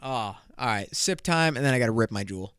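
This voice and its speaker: A man's voice: medium pitch, expressive, fairly quick, fairly bright tone, clean tone, no echo, studio quality. A young man hosting a solo podcast, telling stories in a crude, rambling way, swearing freely and laughing often. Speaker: podcast host. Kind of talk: casual solo podcast storytelling.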